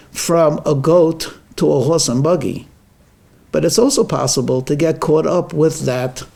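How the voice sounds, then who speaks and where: A man, a rabbi, telling a weekly story as a sermon in an animated, emphatic way. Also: a little high, vocal fry.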